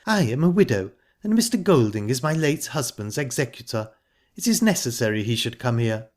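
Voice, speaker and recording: A man's voice: mid-range voice, sing-song, brisk, a little mellow, natural voice. A man voicing a shallow, easily offended widowed stepmother who talks in a prim, indignant way. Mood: huffy, prim.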